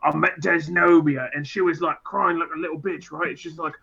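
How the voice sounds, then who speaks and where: A brash man boasts in character at a tabletop game, swearing freely as he spins his tale. His voice is somewhat high, gravelly and bright. The sound is dull and lo-fi. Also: fairly even intonation, normal speed, hardly any pauses. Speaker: player.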